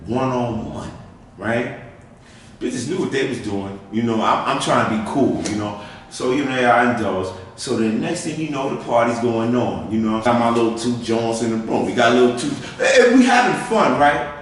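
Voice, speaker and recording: A man tells a rough, animated story, backtracking and correcting himself as he goes. His voice sits at a middle pitch and echoes heavily around the room, picked up from a distance with a little faint noise. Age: 50s. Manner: profane, animated storytelling with restarts. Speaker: interviewee. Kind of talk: storytelling in an interview.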